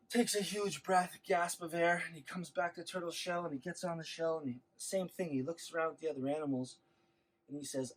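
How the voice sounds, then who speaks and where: A man telling a traditional legend to schoolchildren in an animated, expressive way. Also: fairly high pitch, moderate pace, rough recording. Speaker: storyteller.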